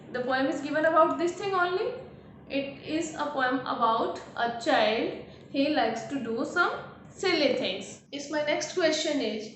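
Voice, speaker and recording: An Indian English-accented woman teaches a young class, speaking patiently and repeating each question. Her voice sits high, and it rings around a hard, very echoey room with a faint hiss underneath. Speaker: primary school English teacher.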